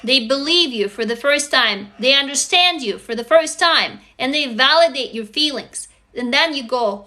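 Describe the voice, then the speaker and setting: In her forties, this live stream host runs a writing group and talks frankly and emphatically, swearing liberally and reading comments from viewers aloud. Her voice sits high and is expressive, bright and forceful, at a moderate pace with few pauses.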